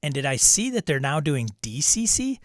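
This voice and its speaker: A man's voice: fairly high pitch, sing-song, moderate pace, no room sound, clean studio sound. A man hosting a casual live stream about tabletop games, chatting loosely and reading out messages from chat. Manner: chatty, rambling, reads chat aloud. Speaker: host.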